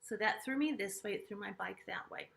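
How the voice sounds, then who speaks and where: A middle-aged woman earnestly telling a personal story to camera, halting and restarting often and dropping to hushed asides. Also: medium pitch, vocal fry. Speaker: vlogger sharing a personal story.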